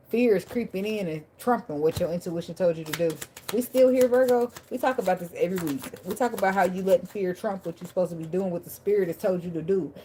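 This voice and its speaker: A woman reading tarot cards for her viewers in a casual, unfiltered way. She talks bluntly and swears freely, preaching and then laughing. Her voice sits fairly low, with a faint hum of room ambience behind her. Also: low-quality recording. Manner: animated, laughing and addressing viewers by name. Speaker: tarot reader.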